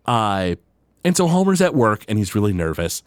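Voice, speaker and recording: Animated man recapping a cartoon episode. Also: lowish voice, moderate pace, clear, resonant tone, no echo, clean studio sound. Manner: animated, many fillers, acts out quotes in raised voices. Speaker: podcast co-host. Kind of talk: casual chat recapping an episode.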